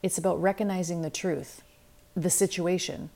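Low-voiced woman hosting a self-help podcast. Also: fairly even intonation, normal speed, dark tone. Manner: candid, reflective, acts out her own inner voices. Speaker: podcast host and life coach.

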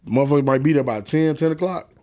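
Male guest DJ, animated profane storyteller. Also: fairly high pitch, rapid-fire. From Atlanta, US. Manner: animated, profane, acts out quoted voices. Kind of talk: casual storytelling.

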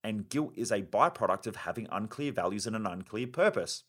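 A man hosts a self-help podcast in a lowish, animated voice at a brisk clip. His monologue is blunt, driven and emphatic, with casual swearing.

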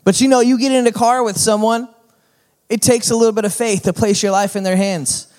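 A man's voice: high-pitched, steady tone, a little fast, darkish tone. Folksy man preaching a sermon. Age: middle-aged. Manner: folksy, conversational preaching with rising emphasis. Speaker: pastor.

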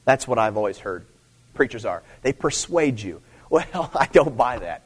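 A man preaching a sermon in a casual, conversational way, repeating phrases, checking in with "okay?", and rising to loud emphatic stress. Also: mid-range voice, big pitch swings, normal speed, husky. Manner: conversational, repeats himself, frequent "okay?" and "see"; rises to loud emphatic stress on key points. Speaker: pastor.

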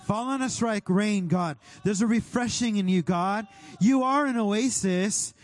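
High-voiced man in fervent prayer. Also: unhurried. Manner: fervent praying, rising to shouts. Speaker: pastor. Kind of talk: sermon prayer.

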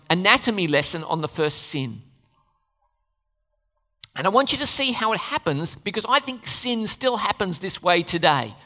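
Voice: mid-range voice, sharp tone. A preacher giving a sermon in a conversational way, asking the congregation questions and adding playful asides. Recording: long reverb of a large hall.

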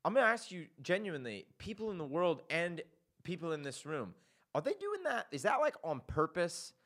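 Guy hosting a comedy podcast, bright punchy voice, acts out little scenes as he talks. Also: a little high, normal speed. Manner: animated storytelling, acts out quotes. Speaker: podcast host. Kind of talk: casual comedic chat.

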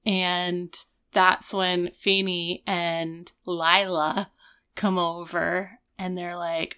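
Woman, podcast co-host, casual recap, quick chatty delivery, young adult. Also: lowish voice, level tone, bright, forceful tone, clean tone. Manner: rapid, filler-heavy retelling with acted quotes.

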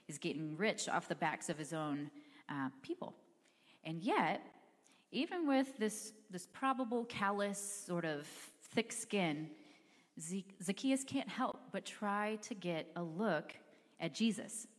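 A woman's voice: lowish voice, lively intonation, slow, long reverb tail. A woman preaching a sermon in a church, speaking in a conversational, earnest way with casual fillers. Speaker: pastor. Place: church sanctuary.

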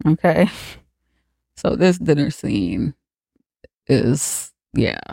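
A podcast host giving a comic, profane recap of a film, acting out the characters' lines with lively swings. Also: medium pitch, very slow, creaky, husky, dry recording, studio quality. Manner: profane, animated retelling with acted-out quotes.

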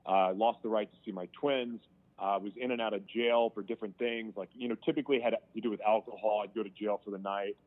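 A man's voice: fairly low pitch, steady tone. Frank man on a tinny line. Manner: frank, emotional, halting with restarts. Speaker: interview guest. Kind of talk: candid personal storytelling. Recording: tinny phone-line sound.

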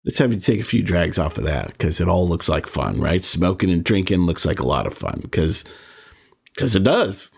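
Frank older man with a low, lively voice. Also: normal speed, vocal fry, breathy edge. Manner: candid, self-deprecating, chuckles while recalling. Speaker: podcast host. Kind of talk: personal storytelling.

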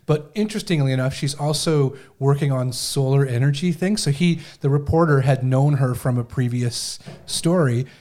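A man's voice: medium pitch, normal speed, hardly any pauses, a little mellow. A man hosting a casual talk show, retelling a news story in a loose, conversational way with acted quotes. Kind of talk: casual chat.

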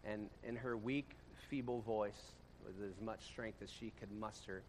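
With a steady tone and a measured pace, a male pastor tells stories to his congregation in a church room, keeping the sermon casual and conversational. He alternates between loud bursts and quiet, low stretches, and there's a slight hiss or hum.

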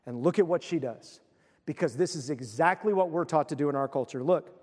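A man's voice: fairly high pitch, brisk, darkish tone, big-room sound. A middle-aged male pastor preaching a sermon in a conversational, emphatic way.

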